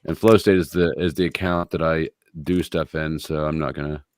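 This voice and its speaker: A man's voice: extremely low pitch, steady tone, moderate pace, no room sound, studio quality. A man hosting a live online panel, joking and explaining things in an offhand way. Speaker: host. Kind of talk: casual live panel chat.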